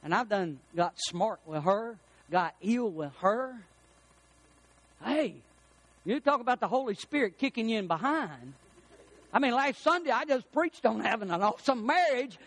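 A middle-aged man preaching a folksy sermon, swinging between loud emphasis and hushed, prayerful passages. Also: very high voice, animated, normal speed. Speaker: pastor.

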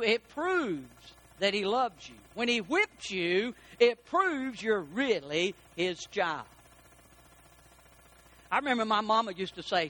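A middle-aged man, preaching a sermon and telling personal stories, stretching key words with slow emphasis. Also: sits high, sharp tone, low-quality recording. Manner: preaching with storytelling, slow emphatic stresses, quoted dialogue. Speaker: pastor.

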